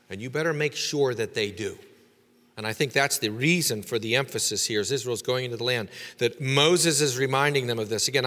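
A man's voice: on the high side, pushed and bright, big-room sound. A man teaching a lecture on scripture, explaining step by step with fillers and rhetorical questions. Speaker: Bible teacher.

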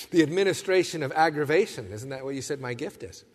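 A man preaching a sermon, telling stories with lively asides and acting out the voices of the people he quotes. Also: a little high, long reverb tail. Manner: animated storyteller, acts out quoted voices. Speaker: pastor.

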